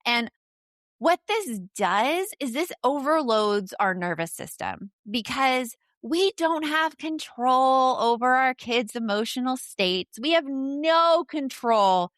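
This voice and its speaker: A woman's voice: high voice, animated, takes it slowly, fairly bright tone, no echo, studio quality. A woman podcast host giving casual parenting advice, speaking directly and frankly to the listener.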